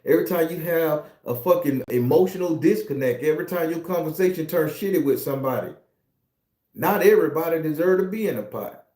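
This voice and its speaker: Give me a high-voiced man preaching in a profane, animated rant, recorded in an echoey room. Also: a little fast. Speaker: tarot reader. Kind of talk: casual rant monologue.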